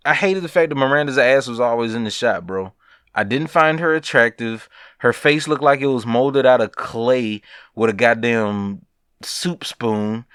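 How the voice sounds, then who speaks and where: Young man, podcast host, casual rant, profane, animated, bright tense voice, dry close recording. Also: mid-range voice, unhurried, clear, resonant tone, no room sound. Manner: profane, animated, laughing asides. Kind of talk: casual gaming news rant.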